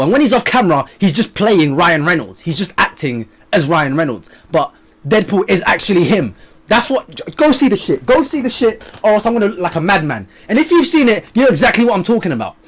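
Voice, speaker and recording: A young man reviewing a movie to camera in a casual vlog, excited and animated, swinging between loud bursts and low mutters, swearing freely.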